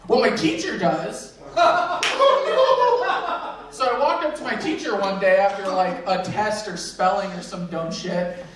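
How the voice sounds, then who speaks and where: A man's voice: high-pitched, normal speed. A man telling a rambling, self-mocking stand-up story at an open mic, laughing at his own jokes. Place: convention panel room. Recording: echoey room heard from a distance.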